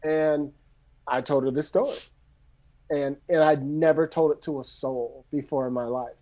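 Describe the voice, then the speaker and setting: A middle-aged man from San Francisco, a screenwriter telling his story in a loose, animated, casual way and swearing freely. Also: on the high side, normal speed. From San Francisco, USA. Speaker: screenwriter guest.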